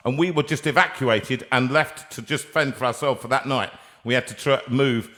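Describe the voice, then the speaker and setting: Bright-voiced chatty male host. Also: medium pitch, moderate pace. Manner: chatty, jokey, trailing restarts. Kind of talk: casual live chat with call-in guest. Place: studio room.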